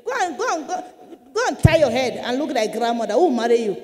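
A woman's voice: high voice, animated, fast talker, big-room sound. Woman mimicking a scornful male pastor. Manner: scornful, preachy, emphatic. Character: mocking smooth-talking male pastor, middle-aged.

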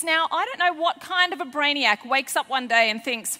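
A woman, a children's author and former teacher, telling a lively, expressive story to schoolchildren at a festival. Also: sits high, moderate pace, hardly any pauses. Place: large festival hall. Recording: long hall reverb.

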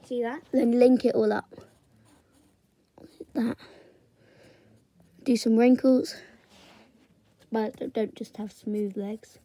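Slow, mellow-voiced woman teaching drawing. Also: on the high side, no echo. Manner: slow, chatty step-by-step narration while drawing. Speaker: drawing tutor. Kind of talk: casual drawing tutorial.

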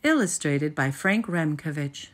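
A woman reading a children's picture book aloud, slow and expressive, with playful sound effects. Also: low-pitched. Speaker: storyteller. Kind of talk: children's read-aloud narration.

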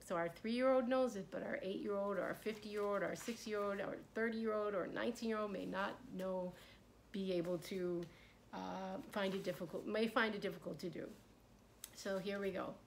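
A woman hosting her own reading channel, telling a fable in an animated way and breaking off for encouraging, chatty commentary. Her voice sits at an ordinary middle pitch, with a faint wash of background ambience. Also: normal speed, gravelly, slight background noise, rough recording. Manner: animated, warm-hearted, encouraging. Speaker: online host reading a self-help book. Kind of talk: read-aloud storytelling with chatty asides.

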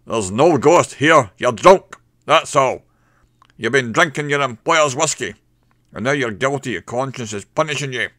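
A man voicing a huge, impatient hotel owner who speaks in a gruff, booming voice in a story reading. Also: normal speed, sharp tone, dry recording, clean studio sound. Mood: scolding.

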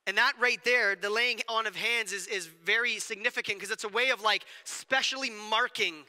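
A man delivering a sermon as pastor, in a conversational, animated way with quick asides. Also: sits high, big-room sound. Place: church sanctuary.

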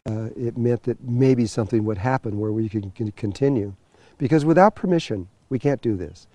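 A man recounting a personal story in a loose, meandering way, stumbling over restarts and fillers as he goes. His voice is warm and mellow, and the recording is close and dry. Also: mid-range voice, no echo. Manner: rambling, full of fillers and restarts. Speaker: spiritual teacher telling a story. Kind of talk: storytelling talk.

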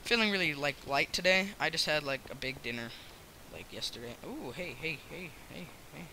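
A young American man rambling and joking through his own Minecraft let's play, yelling in fights. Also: on the high side, normal speed, a little hiss or hum. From United States. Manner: rambling, self-mocking, yells during fights. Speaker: gaming YouTuber.

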